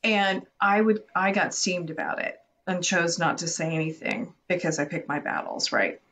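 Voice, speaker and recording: A woman's voice: fairly low pitch, lively intonation, normal speed, a bit bright, slight background noise. A woman in her forties, a podcast co-host, telling a story about herself casually and poking fun at her own mistakes. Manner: self-deprecating storyteller, tells on herself. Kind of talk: casual parenting chat.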